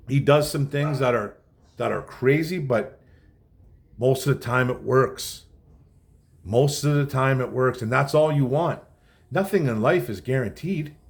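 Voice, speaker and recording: A man's voice: medium pitch, gravelly. Man, sports podcast host, blunt, fired-up, repeats himself, casual monologue.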